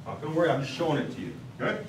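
A man's voice: on the high side, lively intonation, racing, background noise. A man teaching a classroom language lesson, patiently quizzing his students as he explains vowels and word patterns. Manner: patient, asks students questions. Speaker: language instructor. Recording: roomy classroom recorded from a distance.

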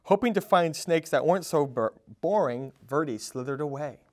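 A man reading a children's storybook aloud at a storytime, in an expressive, animated way. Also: fairly high pitch, normal speed. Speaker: storytime reader.

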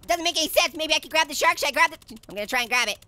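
Playing a goofy cartoon orange, a woman rattles off let's play commentary at a very fast clip, rambling, cracking jokes, and giggling at them. Her voice is expressive, bright, and forceful, as well as squeaky, bouncy, and silly.

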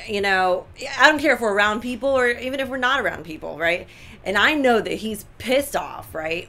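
A woman co-hosting a talk show, giving relationship advice in an animated, emphatic way with lots of repetition. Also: medium pitch. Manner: animated, emphatic, repeats points. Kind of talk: casual advice chat.

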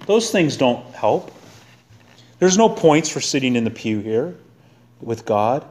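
A man's voice: a little high, animated, a little slow. A middle-aged man preaching a sermon in a church, folksy and conversational, mixing scripture with everyday stories. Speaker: pastor. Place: church sanctuary.

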